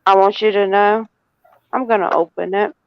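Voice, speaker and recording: A woman's voice: medium pitch, steady tone, normal speed, smooth, no echo, highs cut off. A woman with a Southern US accent hosting a casual live spiritual chat, teasing and laughing as she talks. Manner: teasing, sassy, laughs often. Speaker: spiritual reader and live stream host.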